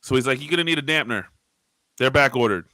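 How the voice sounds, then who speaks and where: Bright-voiced man telling stories on a podcast. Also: medium pitch, fast talker. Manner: animated storyteller, swears freely, acts out arguments loudly. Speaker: podcast co-host. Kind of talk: casual chat.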